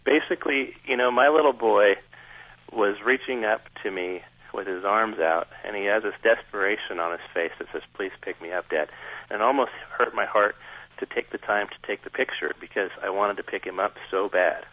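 A man talking as a radio interview guest, earnest and measured, recounting things at length. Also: fairly low pitch, pushed and bright, dry recording. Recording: dull, dry sound.

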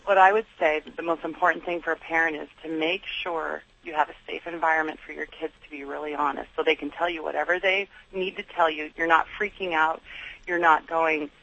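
A middle-aged woman speaks in an earnest interview voice, gravelly at the edges and bright in tone. She acts out her own thoughts as she tells them. The recording is dull and lo-fi, with a dry sound. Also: low-pitched, fairly even intonation, fairly quick. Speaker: guest. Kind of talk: candid interview storytelling.

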